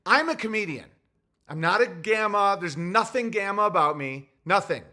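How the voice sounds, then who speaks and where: A male comedian rants in a blunt, sarcastic, heated monologue. His voice sits high and sounds bright and forceful, pressing each point hard. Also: animated, moderate pace. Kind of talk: ranting monologue.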